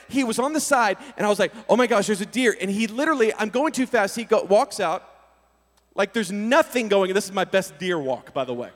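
A man preaching a storytelling sermon to young people, acting out scenes with voices and sudden loud bursts. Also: high voice, a little fast. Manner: animated, acts out scenes with voices and sudden shouts. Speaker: youth pastor. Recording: reverberant hall.

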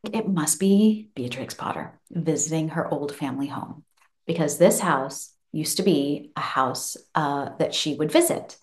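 Woman host, 30s, lower pitch, casual animated storyteller. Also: unhurried. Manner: animated, acts out the child's voice with laughs. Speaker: podcast host. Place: home office room.

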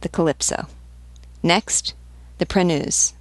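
A woman's voice: on the low side, slow, no echo, in a whisper. A woman voicing a knowledgeable male ship's pilot who lists facts plainly. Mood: factual.

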